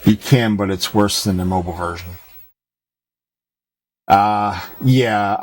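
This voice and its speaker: A man with a fairly low voice rambles through a relaxed, joking chat with his stream viewers while he plays. He talks into a desk mic at home, with a faint hum of room noise behind him. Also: takes it slowly, poor audio. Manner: rambling, loose and joking, reads chat aloud.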